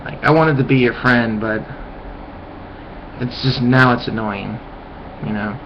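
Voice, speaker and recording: A young man rambles through a casual webcam rant, his speech full of filler words. His voice sits at an ordinary middle pitch, now and then sinking into a low mutter. The webcam audio is dull and lo-fi, with a faint hum behind him. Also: a little slow. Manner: mocking high-pitched yelps when imitating friends; drops to a low mutter at times. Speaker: vlogger. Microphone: webcam mic.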